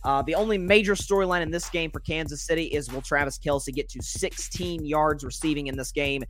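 A man's voice: on the high side, a little fast, a bit bright, soft background music. A man hosting a solo sports podcast, rambling through his game picks with many fillers and self-corrections.

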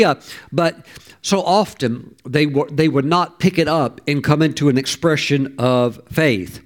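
A man's voice: a little high, unhurried. A middle-aged male pastor preaching a sermon, telling stories expressively and reading scripture aloud.

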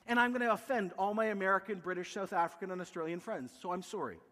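High-voiced Canadian pastor preaching with passion. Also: male voice, quick pace, sharp tone, in a large hall. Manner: impassioned, builds with repeated rhetorical questions. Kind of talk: sermon. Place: church sanctuary.

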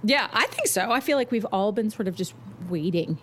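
A woman talks in a relaxed podcast chat with a mid-range voice. She thinks out loud and qualifies her points. A faint hiss sits under the recording. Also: medium pitch, a little fast. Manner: chatty, hedging, reflective. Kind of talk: casual chat.

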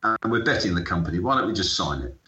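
A man's voice: sits low, quick pace, soft background music. A middle-aged man from the UK, a sports entrepreneur telling stories as an interview guest, acting out the conversations he recalls. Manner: animated anecdotal, acts out dialogue. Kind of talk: storytelling interview. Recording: echoey room, dull lo-fi sound.

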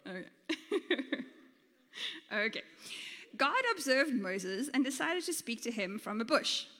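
A woman's voice: on the high side, slow pace. Laughing, playful woman preaching in a hall. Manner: laughs often, lively and informal. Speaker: teacher and guest speaker. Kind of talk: playful storytelling sermon.

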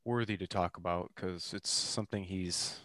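A man hosts a podcast in a loose, off-the-cuff way and fills the gaps as he goes. His voice is on the low side and sounds dry and close. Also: fairly even intonation, moderate pace, a bit bright, no echo. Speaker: podcast host. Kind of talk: casual podcast chat.

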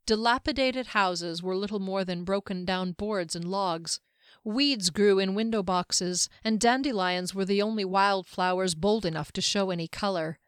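A woman reading a fantasy novel aloud in a steady, even storytelling manner. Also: medium pitch, normal speed, clean tone, no echo, clean studio sound. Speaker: audiobook narrator. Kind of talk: scripted fantasy narration.

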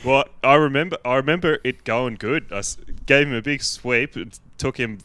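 Bright-voiced Australian bloke telling a yarn. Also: male voice, mid-range voice, moderate pace, clear, resonant tone, no echo. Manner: swearing, laughing storyteller. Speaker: podcast guest. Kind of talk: casual chat.

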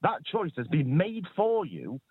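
Male phone-in caller, argumentative, husky voice with a lively pitch, phone-line sound. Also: unhurried, no echo. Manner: argumentative, stammering restarts.

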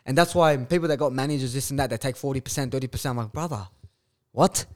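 A young man, a guest influencer, chatting casually on a podcast, swearing freely and telling animated stories. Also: medium pitch, racing. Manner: heavy swearing, animated storytelling.

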